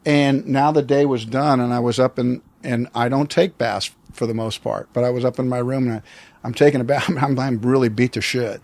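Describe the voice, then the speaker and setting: A man's voice: medium pitch, fairly even intonation, moderate pace, a little mellow, dry recording. Reflective older man telling a story. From United States. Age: 60s. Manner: reflective, rambling with many restarts. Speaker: guest. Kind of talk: storytelling in an interview.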